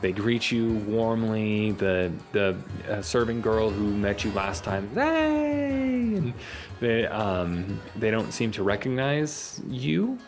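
A man narrating as game master of a tabletop game, lively and halting, with many fillers. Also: lowish voice, soft background music.

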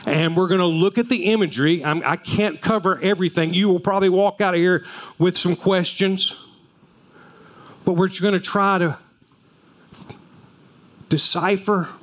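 A man preaching a sermon as pastor, telling folksy stories with frequent restarts. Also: high-pitched. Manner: folksy storytelling with repeated restarts.

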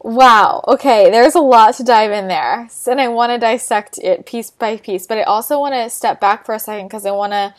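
A woman's voice: on the high side, moderate pace, hardly any pauses. A woman hosting a casual interview, asking questions in an upbeat, encouraging way. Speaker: podcast host.

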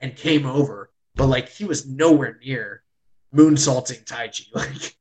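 A man in casual chat, retelling a match as an excitable storyteller who fills his talk with "like" and swears freely. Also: mid-range voice, unhurried, poor audio. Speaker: podcast host reviewing wrestling.

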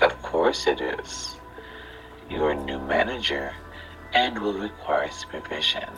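A man's voice: rumbling low, heavily acted, low-quality recording. A man voicing a smug, flirtatious male CEO who talks in a snarky, teasing drawl. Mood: condescending. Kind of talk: audiobook drama reading.

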